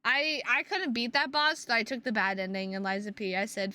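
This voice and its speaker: A woman's voice: on the high side, steady tone, brisk, sharp tone. A woman streaming and chatting casually with her viewers, playful and teasing, with plenty of swearing.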